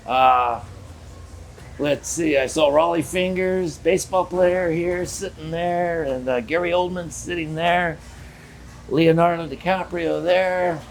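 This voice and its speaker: A fairly high-pitched older man talks slowly, with a little hiss or hum in the background. He works as a theme park character performer and, in a casual interview, tells stories while animatedly acting out what people said.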